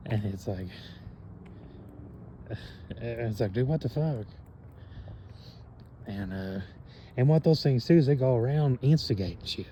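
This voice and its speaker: A man talking in a rambling, meandering monologue, cursing often and filling gaps with pauses and fillers. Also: medium pitch, very animated, warm tone, dull audio, a little hiss or hum. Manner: meandering, profane, many fillers and trailing pauses.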